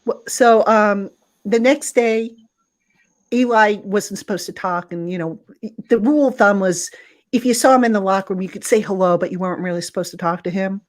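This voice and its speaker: A woman sports reporter telling a lively story in casual conversation, acting out the people she quotes. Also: mid-range voice, normal speed. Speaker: guest, football beat reporter. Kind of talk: storytelling in a casual podcast chat.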